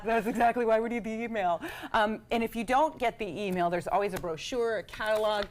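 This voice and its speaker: A woman's voice: a little high, a little fast, slight background noise. Chatty upbeat woman auctioneer. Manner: chatty and upbeat, laughs often. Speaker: professional auctioneer guest. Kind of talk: casual TV studio chat.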